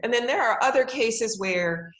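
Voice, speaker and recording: A woman's voice: on the high side, expressive, moderate pace, a bit bright. A woman in her forties, a TV judge being interviewed, talking in an upbeat, emphatic way and laughing often. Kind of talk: casual interview talk. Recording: roomy echo.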